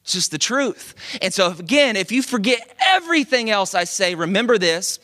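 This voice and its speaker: High, bright-voiced young preacher man. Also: moderate pace, hardly any pauses. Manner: conversational, animated, with frequent "like" and "right?". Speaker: pastor. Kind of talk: sermon. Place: church service. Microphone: speaking into a microphone.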